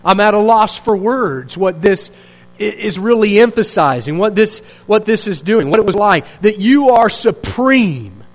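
This male pastor preaches with a high-pitched voice at a moderate pace, and the audio quality is poor. His delivery is earnest and searching, with rhetorical questions and phrases he keeps restarting.

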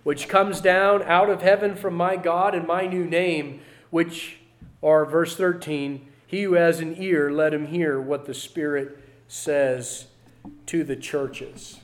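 A man preaching a sermon to his church, repeating key phrases and swinging between loud declarations and quiet asides. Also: on the high side, fairly even intonation, slow. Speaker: pastor.

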